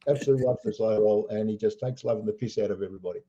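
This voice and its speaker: An older Australian man, a poker player, telling animated anecdotes full of acted-out quotes. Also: lowish voice, rapid-fire, dull audio. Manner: animated storyteller acting out quotes, laughing. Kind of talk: storytelling anecdotes.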